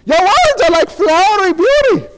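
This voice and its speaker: A preacher putting on a mock Irish accent to play a crowd of scoffing townsmen. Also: male voice, very high-pitched, very animated, normal speed, slight background noise, voice pushed up, poor audio. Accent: put-on Irish. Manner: exaggerated, teasing. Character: mocking crowd of men with stage-Irish accents.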